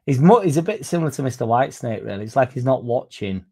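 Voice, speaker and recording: A man chats on a football fan livestream, reading out viewer comments and answering them. His voice is gravelly with a dark, mellow tone. He rambles, swears freely and keeps things loose and casual. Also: medium pitch, big pitch swings, fast. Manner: swears freely, rambles, mocks critics in a raised put-on voice. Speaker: fan channel host reading live chat.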